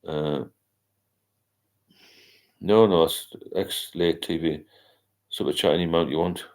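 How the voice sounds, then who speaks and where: Older man, very low voice, rambling livestream host, casual chat. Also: steady tone, takes it slowly, darkish tone. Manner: rambling, reads out viewer comments.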